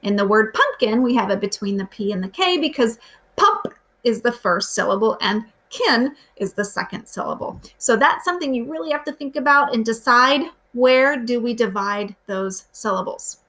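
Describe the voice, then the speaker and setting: Speaking in a fairly bright, somewhat high voice, a woman leads her young pupils through the day's lesson. It's a recorded remote walkthrough, and she patiently asks the children simple questions along the way.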